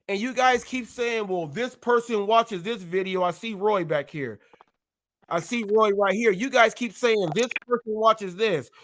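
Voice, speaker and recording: A man's voice: high voice, a bit bright. Fiery, repetitive male livestream host. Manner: emphatic, repetitive, challenging. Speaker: live show host. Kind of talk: heated livestream talk.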